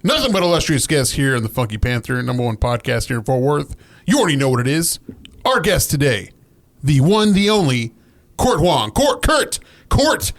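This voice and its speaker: A man's voice: mid-range voice, expressive, brisk. A man co-hosting a podcast, joking and hyping up the guest with announcer-style bursts. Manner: hyped, jokey announcer bursts. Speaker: podcast co-host. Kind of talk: casual chat. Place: studio.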